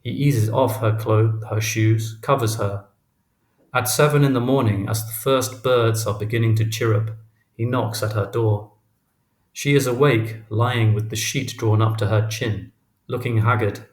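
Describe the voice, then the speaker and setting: A man reads a literary novel aloud in a steady, measured way. His voice is fairly low. The recording has a roomy echo around it. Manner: measured, even reading. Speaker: audiobook narrator. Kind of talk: scripted narration.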